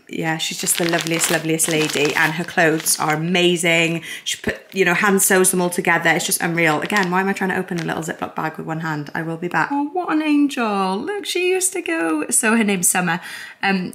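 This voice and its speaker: A young woman chatting casually to a handheld phone camera at home, gushing and excitable as a family vlogger. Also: fairly low pitch. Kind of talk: casual vlog chat to camera.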